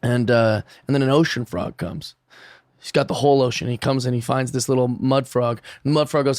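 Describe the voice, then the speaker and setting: An American man, a guest comedian, chatting casually on a podcast and telling animated stories. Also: medium pitch, fairly quick, no room sound, clean studio sound. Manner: animated, storytelling, excitable laughs.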